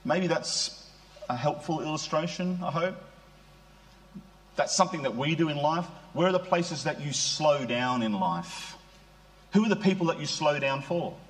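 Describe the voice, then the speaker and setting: A man with a slightly raised pitch delivers a sermon like he's chatting with friends. He is middle-aged, and he keeps asking his congregation rhetorical questions in an easy, talky pulpit manner. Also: lively intonation, moderate pace. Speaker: preacher.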